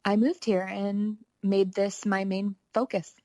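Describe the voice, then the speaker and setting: A woman's voice: mid-range voice, level tone, a little slow, warm tone, dry recording. A young woman talking as a guest on a podcast, upbeat and chatty, laughing easily. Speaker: podcast guest, actor and songwriter. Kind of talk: casual interview chat.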